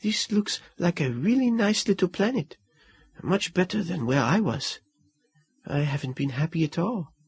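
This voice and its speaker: Male reader doing a quiet, shy woman for an audiobook: soft, lifted pitch, breathy, dry. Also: expressive, moderate pace, dry recording, exaggerated voice. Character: woman meeting her ex-husband, shy and gentle. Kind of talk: audiobook character reading.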